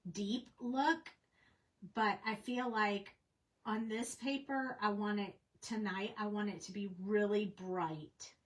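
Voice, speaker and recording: A woman's voice: medium pitch, poor audio. A woman casually teaching a coloring tutorial on a livestream, chatty and rambling with plenty of fillers. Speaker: craft instructor.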